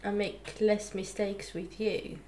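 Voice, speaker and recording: A woman from Finland whose first language is Finnish, speaking English with a Finnish accent in a soft, hesitant casual chat. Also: mid-range voice, little pitch movement, takes it slowly, crowd noise.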